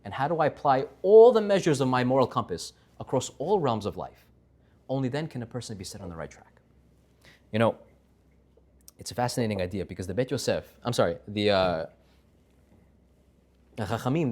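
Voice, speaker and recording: A man giving a Torah class, telling a story with lively voices for its characters. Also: mid-range voice, brisk, pauses often.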